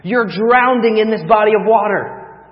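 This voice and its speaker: A man preaching a sermon, telling a vivid story that swings from hushed to loud. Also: high voice, normal speed. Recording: long reverb, dull lo-fi sound.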